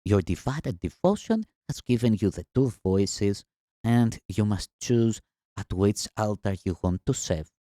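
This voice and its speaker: A man giving a measured, earnest spiritual reading in a solemn teaching style. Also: fairly low pitch, animated, mellow, dry recording, studio quality.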